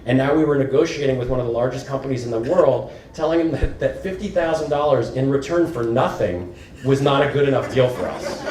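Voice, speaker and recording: A man's voice: mid-range voice, fairly quick, a crowd in the background. A man telling a startup founder story in a casual way, acting out the lines of the people in it. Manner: animated, acts out quoted dialogue. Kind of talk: anecdotal storytelling talk. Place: conference hall. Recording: roomy, distant mic, faint noise.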